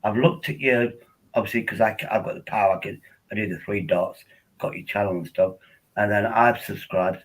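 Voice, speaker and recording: A man's voice: on the low side, moderate pace, low-quality recording. An older man, chatting casually and rambling on a live stream from home at his laptop.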